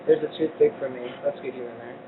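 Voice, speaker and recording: A man's voice: steady tone, fast. A man hosting a live cooking show in a community kitchen, joking and laughing as he talks. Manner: playful, jokey, laughs often. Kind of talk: casual live cooking chat. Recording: lo-fi phone-like livestream audio with faint rumble.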